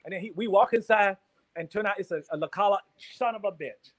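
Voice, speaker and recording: A man in his fifties, a guest actor, telling a story in an animated, profane way, laughing as he goes. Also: high voice, quick pace, poor audio. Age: 50s.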